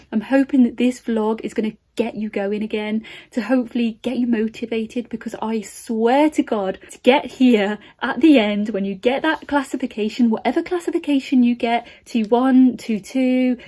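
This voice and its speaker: A young woman vlogging as a nursing student, emotional and earnest, rambling and dropping into soft near-whispers. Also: fairly high pitch. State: emotional, close to tears. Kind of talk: emotional motivational vlog.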